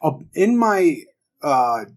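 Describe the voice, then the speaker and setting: A man's voice: a little high, big pitch swings, slow pace. A man co-hosting a podcast, talking in an easygoing, rambling way. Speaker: podcast co-host. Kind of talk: casual chat.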